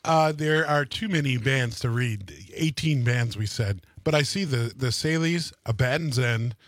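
A man hosting a radio interview in a studio, asking relaxed, chatty questions. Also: medium pitch, measured pace, dry recording. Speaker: radio host. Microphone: studio mic, dry.

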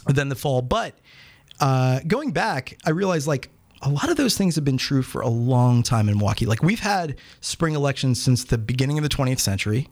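A man in his thirties from the Pittsburgh area, a guest on a radio talk show. He rambles along at an ordinary pitch, filling pauses with plenty of "uh"s and "you know"s. He pokes gentle fun at himself as he goes. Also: big pitch swings. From Pittsburgh area, Pennsylvania. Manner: rambling, self-deprecating, lots of fillers. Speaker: academic guest. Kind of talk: casual radio interview.

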